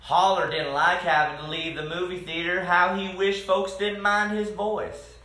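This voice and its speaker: Male storybook reader for kids: high, slow, expressive, echoey room. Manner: expressive, talks to the children between pages. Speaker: reader reading aloud to children. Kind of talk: reading a picture book aloud.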